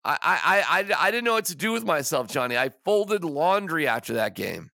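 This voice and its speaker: Male podcast host, forceful bright tone, emphatic frustrated delivery. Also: a little high, very animated, normal speed, creaky, no room sound, clean studio sound. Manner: exasperated, emphatic, stammering restarts. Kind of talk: casual sports rant.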